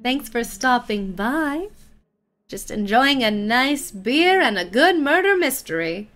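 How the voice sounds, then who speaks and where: A woman's voice: high-pitched, lively intonation, slow, fairly bright tone. A woman streaming a mystery game, chatting with viewers and playing up a theatrical detective act. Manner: playful, theatrical detective banter. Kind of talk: casual game commentary.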